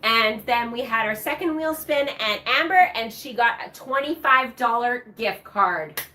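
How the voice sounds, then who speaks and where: A woman's voice: a little high, animated, measured pace, bright, forceful tone. A woman hosting a live shopping show, bubbly and chatty, cheering during the prize wheel spins. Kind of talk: upbeat live sales presentation.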